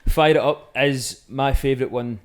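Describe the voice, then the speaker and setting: A young man, a musician, talks casually on a podcast. He is laid-back and sweary and pokes fun at himself. His voice sits at an ordinary pitch for a man. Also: fairly even intonation, normal speed. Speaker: musician, guest.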